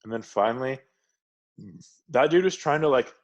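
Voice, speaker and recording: A man's voice: mid-range voice, expressive, normal speed, highs cut off. A young man co-hosting a podcast, telling a rambling, profane story in casual chat and laughing often as he goes. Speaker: podcast co-host.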